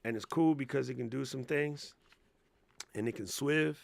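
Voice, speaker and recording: A man hosting a casual live Q&A, talking in a slangy, excitable way and laughing often. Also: medium pitch, moderate pace, gravelly, no echo. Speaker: livestream host.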